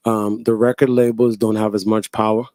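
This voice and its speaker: Man from the Bahamas, low and mellow, dry close sound, steady business explainer. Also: moderate pace, no room sound. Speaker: artist management company guest. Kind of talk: interview answers.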